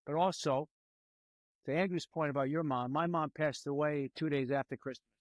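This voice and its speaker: A man in a casual panel conversation who talks in an earnest, halting way and often repeats his words. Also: a little high, fairly even intonation, no room sound. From New York, USA. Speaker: guest, film director.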